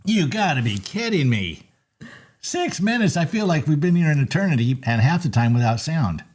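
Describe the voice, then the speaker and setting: A man's voice: a little high, moderate pace. A man hosting a live market recap from his trading desk, chatting casually and joking over the charts. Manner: excitable and joking, bursts of laughter.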